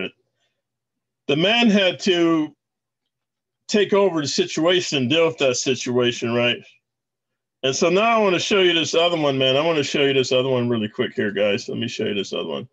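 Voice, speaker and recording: A man's voice: on the high side, a bit bright, highs cut off. A man talking casually to his viewers in a rambling way, commenting on video clips he plays. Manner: rambling, addresses viewers as guys. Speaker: channel host.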